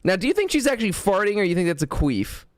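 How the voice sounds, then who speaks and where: A man's voice: high voice, sing-song, fast talker, dry recording, clean studio sound. A man casually chatting as a streamer reacting to clips, rambling and swearing as he goes.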